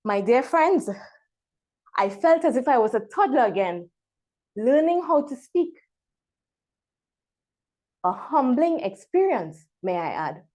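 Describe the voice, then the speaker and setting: A woman from Trinidad and Tobago, giving a prepared speech over a video call and pausing dramatically between words. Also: high voice, very animated, darkish tone. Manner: dramatic pauses, emphatic word-by-word delivery. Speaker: club member giving a speech.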